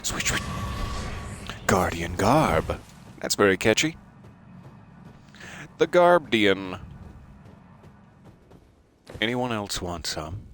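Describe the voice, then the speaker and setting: A man with a fairly low voice and a very animated, swooping delivery. He comments on a game in a theatrical, playful way, addressing characters directly. His asides are self-deprecating and chatty. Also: drawn-out words, pauses often, slight background noise. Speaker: let's play streamer. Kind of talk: casual gameplay commentary.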